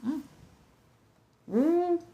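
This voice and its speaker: A woman with a Southern US accent hosting a relaxed livestream chat. She talks softly, slips into whispers, and rambles with restarts while speaking without her upper denture. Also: extremely high pitch, extremely slow, lo-fi sound. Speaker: ASMR livestream host.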